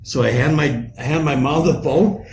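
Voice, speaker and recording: A man's voice: on the high side, normal speed. A man in his forties telling a rambling, profane story in casual chat, laughing along as he goes. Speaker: podcast co-host. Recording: roomy with faint noise.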